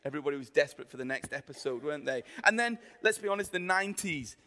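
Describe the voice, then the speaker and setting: A man in his forties speaks with a Yorkshire accent, telling stories from the pulpit in a chatty, joking way. His voice sits a little high and sounds bright and forceful. A long reverb hangs behind it, as in a large hall. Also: lively intonation, fast. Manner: chatty, jokey storytelling with the crowd. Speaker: pastor. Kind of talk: sermon.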